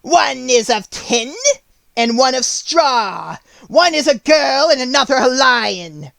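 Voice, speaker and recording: A man voicing a cruel, commanding wicked witch in an audiobook, drawing out slow strained orders. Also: very high-pitched, lively intonation, creaky, a bit bright, dry recording, voice pushed up, exaggerated voice. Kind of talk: audiobook character voice.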